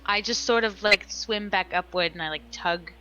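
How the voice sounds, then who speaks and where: A woman's voice: mid-range voice, moderate pace, pushed and bright, highs cut off, soft background music. A woman playing a tabletop game, describing her character's actions hesitantly and thinking aloud. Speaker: player.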